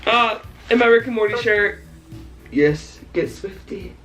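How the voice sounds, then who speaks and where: A woman's voice: medium pitch, unhurried, faint music behind, rough recording. A woman vlogging at home, gushing and laughing as she unboxes a care package. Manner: excited, gushing, often laughing. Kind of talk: casual vlog unboxing.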